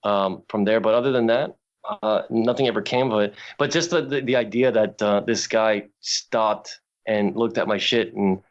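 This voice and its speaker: A man's voice: on the low side, normal speed, highs cut off. A man, a guest artist, telling rambling, profane anecdotes in a casual podcast chat.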